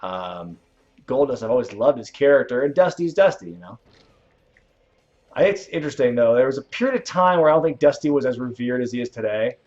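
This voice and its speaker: With a mid-range, slightly dark voice and lively intonation, a young male host speaks a little fast during a game stream. He takes viewer questions in a laid-back, rambling way, laughing lightly. The sound is dull and lo-fi.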